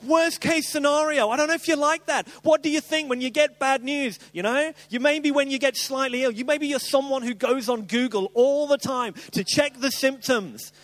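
A middle-aged man preaching a sermon, retelling a Bible story and acting out the voices with lively asides. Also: extremely high pitch, moderate pace, hardly any pauses.

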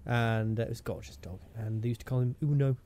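A man's voice: medium pitch, fairly even intonation, quick pace, warm tone. A man co-hosting a podcast, trading silly jokes in playful banter. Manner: playful, silly, slips into put-on voices. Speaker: podcast co-host. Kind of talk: joking banter.

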